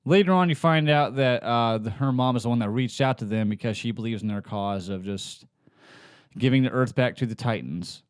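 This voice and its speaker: A man's voice: medium pitch, normal speed, smooth, no room sound, clean studio sound. A man co-hosting a podcast in casual chat, rambling and laid-back, swearing now and then. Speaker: podcast co-host.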